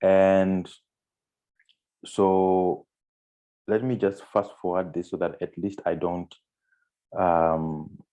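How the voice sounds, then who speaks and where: A man's voice: low voice, flat delivery, drawn-out words, pauses often, dark tone, muffled recording. A man giving a screen-share trading tutorial, walking through on-screen steps with frequent fillers and restarts. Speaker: trading instructor.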